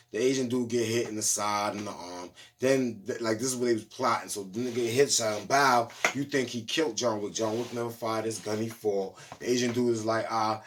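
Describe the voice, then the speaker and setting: Dude doing a laid back movie review, slangy, rambling, keeps saying you know what im saying. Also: male voice, medium pitch, slight background noise. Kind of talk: casual movie review monologue.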